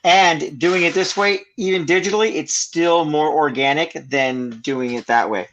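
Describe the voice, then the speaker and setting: Male artist guest, slightly high voice, calm explainer. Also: normal speed, highs cut off. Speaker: artist co-host. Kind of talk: casual chat.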